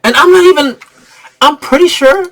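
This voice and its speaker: A man giving a casual spoiler movie review, excitable and profane, laughing often and a bit tipsy from drinking. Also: extremely high pitch, normal speed. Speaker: film reviewer.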